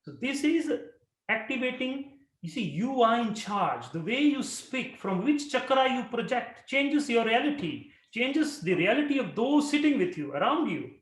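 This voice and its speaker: A male yoga and meditation teacher with a high voice that swings widely in pitch. He guides breathing and chanting, sounding out long, projected syllables between his explanations. The room gives a roomy echo. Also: sing-song, moderate pace, a bit bright.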